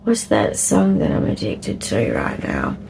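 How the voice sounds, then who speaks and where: A middle-aged Australian woman vlogging candidly, rambling and laughing often, sometimes dropping into a soft whisper. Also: extremely low pitch, wildly swooping pitch, unhurried, creaky, a little hiss or hum, low-quality recording. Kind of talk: candid personal vlog talk.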